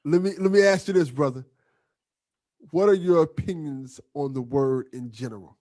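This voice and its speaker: A man's voice: on the high side, normal speed, a little mellow, no echo. A man hosting a podcast, asking his guest questions directly and in a friendly way. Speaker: podcast host. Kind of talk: podcast interview.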